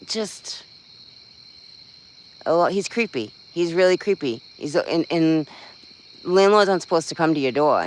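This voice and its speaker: Man, slightly high voice, casual livestream talk, blunt, swearing, rambling, faint crickets behind. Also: slight background noise, poor audio. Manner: venting, blunt, swears freely, rambling with fillers. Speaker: livestream host. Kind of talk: casual live-stream chat.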